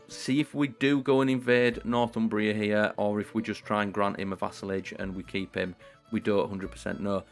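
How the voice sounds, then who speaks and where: A man giving comedic role-play commentary on a strategy game, playful and theatrical, chatting to his viewers. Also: fairly low pitch. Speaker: gaming YouTuber.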